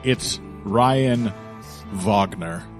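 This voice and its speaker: A man's voice: on the low side, drawn-out words, music in the background. A man hosting a podcast in casual chat, joking and laughing often. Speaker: podcast host.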